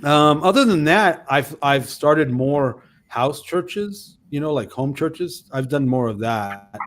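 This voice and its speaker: A man in his fifties, a missionary pastor co-hosting a casual chat, telling stories in a rambling, animated way with many restarts. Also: fairly high pitch, slow, a little hiss or hum.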